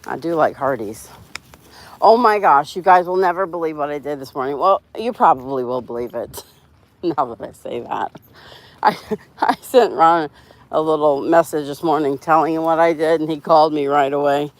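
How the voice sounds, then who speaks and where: Out on a sidewalk with her dogs, a dog channel host runs a casual live stream, talking to viewers and often laughing. She has a low voice and speaks at a normal speed.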